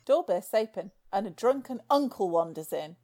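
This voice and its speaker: A woman reading stage directions and teasing her co-hosts in a comedy podcast. Her voice rises and falls in a lively way at a middle pitch. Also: moderate pace. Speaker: podcast co-host.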